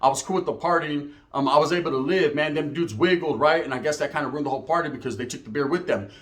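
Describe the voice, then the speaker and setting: A man's voice: on the high side, fast talker. A man from Merced, California, telling a story in casual slang-heavy, profane street talk.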